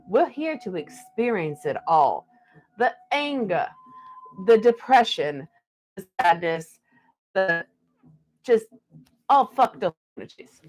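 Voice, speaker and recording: A young woman from the Pacific Northwest does a card reading on a live stream, speaking at medium pitch in a put-on Southern belle drawl. She calls her viewers darling.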